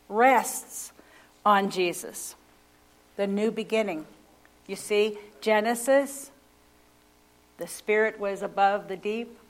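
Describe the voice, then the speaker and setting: A woman preaching a sermon, slow and emphatic, repeating key phrases and asking the congregation questions. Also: mid-range voice.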